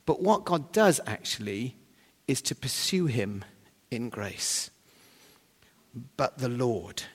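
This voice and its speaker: A man preaching a sermon, humorous and animated, with sudden loud bursts of emphasis. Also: medium pitch, takes it slowly, breathy edge. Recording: long hall reverb.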